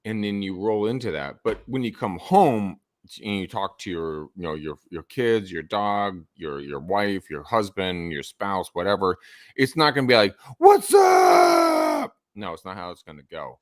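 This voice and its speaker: A man giving sales advice as a podcast guest, animated and swinging his voice up and down for emphasis. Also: low-pitched, moderate pace, no echo, studio quality. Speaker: real estate sales coach.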